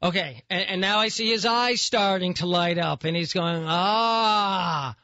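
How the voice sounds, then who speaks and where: A man hosting a talk radio show, telling a story in an animated, exasperated way. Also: sits high, normal speed, no room sound, muffled recording. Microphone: studio microphone.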